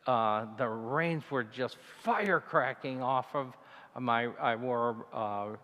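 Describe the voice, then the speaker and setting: A male deacon tells his story slowly, from the pulpit of a church with a long, ringing reverb. His voice sits in a middle range but leaps way up when he recalls moments of fear, then sinks low and hushed. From Italian heritage. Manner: storytelling, animated, voice jumps high when retelling fear. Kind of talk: mission talk, personal story.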